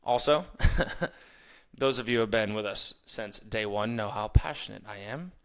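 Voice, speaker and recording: Bright-voiced man ranting on a podcast. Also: on the low side, a little slow, clear, resonant tone. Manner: animated, ranting, mimics others in quoted asides. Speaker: podcast host. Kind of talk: casual motivational monologue.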